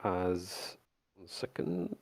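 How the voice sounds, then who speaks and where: A man narrating as game master of a tabletop game on a live stream, relaxed and halting with many restarts. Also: low voice, no room sound.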